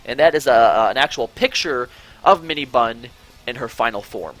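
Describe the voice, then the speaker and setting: A man's voice: mid-range voice, moderate pace. A man hosting a casual online show, chatting and telling stories with frequent restarts and swearing. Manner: animated, swearing, rambling with restarts. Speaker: podcast host. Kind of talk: casual chat on a call.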